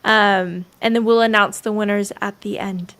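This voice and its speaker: A woman's voice: medium pitch, steady tone, moderate pace, a bit bright. A woman hosting a livestream interview, prompting her guests in an encouraging, conversational way. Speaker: livestream host.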